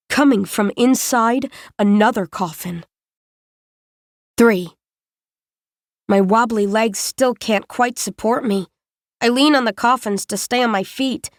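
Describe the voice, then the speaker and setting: Woman audiobook narrator, measured and tense, slightly high voice. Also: dry recording, clean studio sound. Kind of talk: first-person scripted narration.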